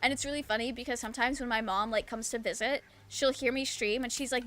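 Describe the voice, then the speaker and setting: Woman, Southern US accent, streamer, casual chat, giggly, bright. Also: a little high, normal speed, faint music behind. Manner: giggly, chatty, lots of fillers. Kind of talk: casual chat while gaming.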